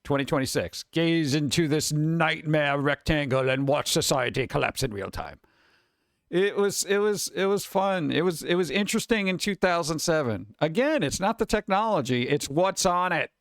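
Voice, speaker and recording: A man hosting a casual live stream, reacting to news and jokes with sarcastic, lively asides. His voice sits somewhat high for a man. The sound is dry and close, with no room around it. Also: normal speed, vocal fry, dry recording. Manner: sarcastic, animated asides to viewers. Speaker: streamer reading news and memes.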